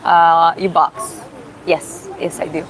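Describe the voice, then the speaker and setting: A woman with a Georgian accent and a slightly low voice runs a casual live Q&A. She reads viewers' questions aloud and answers in halting, self-taught English. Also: flat delivery, noisy background. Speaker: livestreamer answering chat questions.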